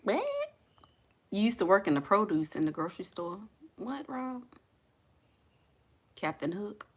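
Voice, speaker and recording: A woman hosting a casual live chat, sassy and teasing and quick to laugh. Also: medium pitch, lively intonation. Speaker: livestream host.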